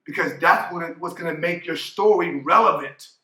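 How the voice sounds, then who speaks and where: A man's voice: on the high side, moderate pace, sharp tone, reverberant. A man in his forties giving a motivational keynote talk as a coach, emphatic, often asking "right?". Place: conference hall.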